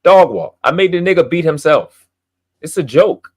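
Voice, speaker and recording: A man's voice: on the high side, animated, normal speed, darkish tone, slightly rough. A man talking in a heated, casual podcast conversation, boastful and emphatic, with lots of swearing. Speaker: podcast guest. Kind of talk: heated casual debate talk.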